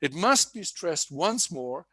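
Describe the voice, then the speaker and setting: Male conference speaker, formal delivery with frequent self-corrections, slightly high-pitched, dry sound. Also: sing-song, slow pace, bright, forceful tone, husky, dry recording. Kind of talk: prepared speech read aloud. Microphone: online conference setup.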